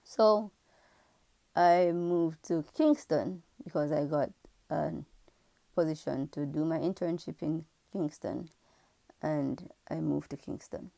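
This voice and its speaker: Frank, gravelly-voiced woman from Jamaica. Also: sits low, takes it slowly, mellow, no echo. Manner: earnest, reflective, frank. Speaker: pharmacist. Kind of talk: candid personal storytelling to camera.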